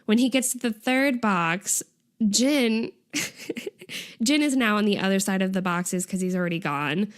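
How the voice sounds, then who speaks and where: A woman's voice: mid-range voice, unhurried. A young woman co-hosting a casual podcast, retelling an episode with lots of "like" and laughter. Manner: animated storytelling, frequent "like" and laughter. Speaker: podcast co-host.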